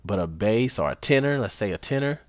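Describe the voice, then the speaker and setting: Low-voiced man teaching, dry sound. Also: animated, a little fast, no echo. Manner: laid-back, repeats points to explain step by step. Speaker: instructor. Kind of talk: casual spoken tutorial.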